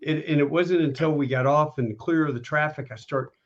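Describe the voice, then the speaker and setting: A man's voice: a little high, a little fast, dull audio, a little hiss or hum. A man hosting a casual interview, giving short supportive replies and telling his own veteran story. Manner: brief, supportive back-channel replies. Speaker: podcast host, veteran.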